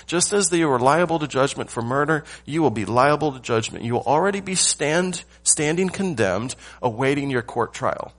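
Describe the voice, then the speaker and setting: A male pastor preaching a sermon, stressing key words with pauses and rhetorical questions. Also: medium pitch, a bit bright.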